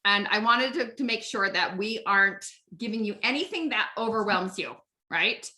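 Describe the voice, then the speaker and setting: A woman's voice: mid-range voice, expressive, moderate pace, bright, forceful tone. A woman coaching a live online group on network marketing, chatty and upbeat, often asking "right?".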